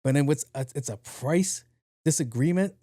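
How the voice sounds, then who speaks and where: A man hosting a podcast in a casual monologue, talking low and evenly, blunt and profane. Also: a little slow, no room sound, clean studio sound. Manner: low-key, talks in a low even voice. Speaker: podcast host.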